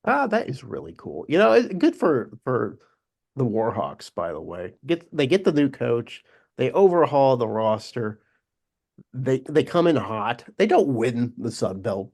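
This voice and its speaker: Lively, chatty man co-hosting a podcast. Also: medium pitch. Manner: lively and chatty, laughs easily, restarts sentences. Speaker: podcast co-host. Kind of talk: casual sports podcast chat.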